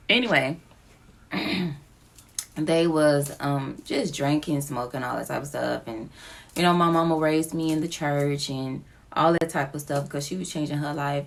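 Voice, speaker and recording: A woman speaks into her phone in a personal confessional vlog. Her voice sits low with a gravelly fry, and she talks slowly, pausing often. She sounds emotional and close to tears. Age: adult with children. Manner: slow, halting, emotional, near tears. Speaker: vlogger. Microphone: phone app recording.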